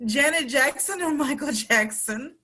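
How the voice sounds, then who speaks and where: A woman's voice: high voice, unhurried, sharp tone. A woman hosting a casual radio interview, playful and chatty, who laughs easily and talks in slang. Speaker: radio show host. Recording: online live-stream interview.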